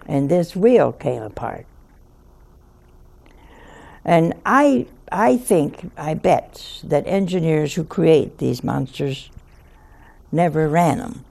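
Slow older woman with a gravelly voice. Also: sits low, animated, warm tone. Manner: slow, chuckling, folksy anecdotal delivery. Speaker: nun telling a story. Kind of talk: storytelling talk.

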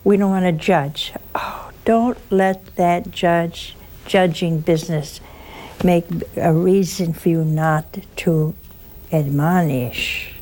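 A woman's voice: on the low side, steady tone, takes it slowly, dark tone. A woman preaching an informal sermon full of stories, plain-spoken, sometimes dropping to a whisper for emphasis. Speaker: religious speaker.

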